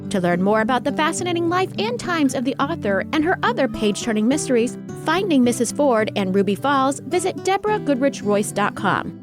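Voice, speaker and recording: A woman reading a scripted book promo in a polished, upbeat way. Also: high-pitched. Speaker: ad announcer. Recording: loud music bed.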